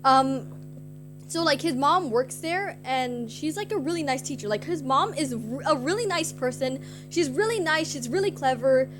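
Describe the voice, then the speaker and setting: High-voiced young woman rambling to her chat. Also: animated, normal speed. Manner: rambling, heavy use of "like" fillers; giggly and self-conscious. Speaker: streamer. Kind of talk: casual storytelling to chat. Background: guitar music.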